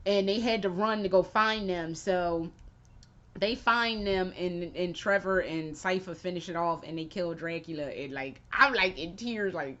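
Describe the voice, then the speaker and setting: A woman vlogger giving a rambling, excitable, profane spoken review of a show she loved. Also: on the low side, measured pace, muffled recording. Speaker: video game vlogger.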